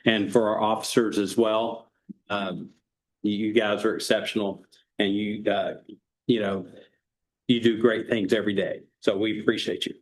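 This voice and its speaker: A man's voice: on the low side, little pitch movement, normal speed. A man on a city council speaking hesitantly, with many fillers, at a council meeting. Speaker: council member.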